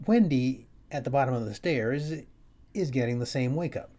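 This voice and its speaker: A male comedian telling a wry story at home in a halting, restarting way. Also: medium pitch, mellow. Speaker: comedian and host. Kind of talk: storytelling monologue. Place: his home, upstairs.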